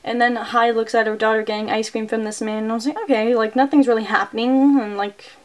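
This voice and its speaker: A woman's voice: a little high, fairly even intonation, quick pace. A woman reviewing a movie, casually recapping the plot with lots of "like" and "um". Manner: chatty, full of "like" and "um".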